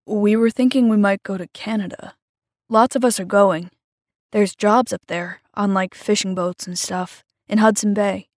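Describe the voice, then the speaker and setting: A woman voicing a shy, earnest teenage boy vampire in a fiction reading, speaking in a hushed, halting, confiding way. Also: mid-range voice, steady tone, dry recording, studio quality, close to an everyday voice. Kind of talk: audiobook-style fiction reading.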